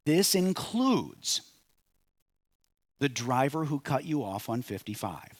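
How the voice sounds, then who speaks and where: A male pastor preaches a sermon in a measured way, his mid-range voice rising on key phrases and dropping soft at the ends of lines. He sounds expressive with a breathy edge, and there is no echo.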